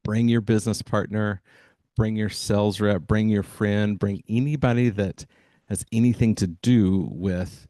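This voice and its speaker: Upbeat low-voiced male podcast host. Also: fairly even intonation, unhurried, dark tone, dry recording. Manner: enthusiastic, hypes listeners, many fillers. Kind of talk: energetic podcast monologue.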